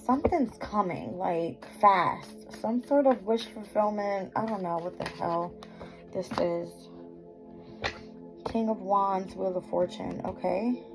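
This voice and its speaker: Slow and gravelly, with a mid-range voice, a woman offers viewers at home a casual astrology and tarot reading, scattered and profane, frequently tripping over words, self-interrupting, and laughing at her slips. Background music plays over a low-quality recording.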